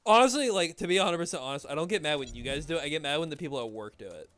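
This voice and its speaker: A man's voice: fairly high pitch, lively intonation, racing, fairly bright tone. A young man streaming a game, chatting casually in a rambling, laid-back way with lots of swearing and filler words. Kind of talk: casual chat while gaming.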